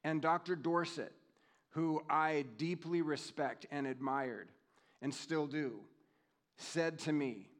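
Middle-aged male pastor, slightly high voice, conversational sermon delivery, slows down for scripture. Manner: conversational, reflective, reads scripture slowly.

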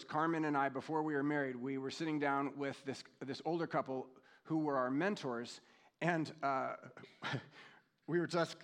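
A man in his fifties preaching a sermon in a conversational, reflective way, reading scripture slowly and telling personal stories. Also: fairly high pitch. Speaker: pastor.

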